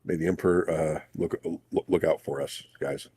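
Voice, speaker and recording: A man introducing himself as a new player in a tabletop game, halting and casual. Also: rumbling low, steady tone, warm tone, husky, no room sound. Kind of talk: casual chat.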